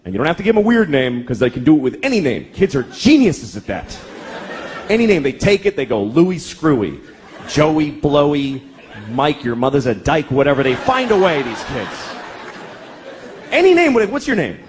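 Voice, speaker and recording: High-voiced ranting stand-up man. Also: huge pitch swings, fairly quick, a little hiss or hum. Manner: crude, ranting delivery. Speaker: stand-up comedian. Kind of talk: stand-up comedy set.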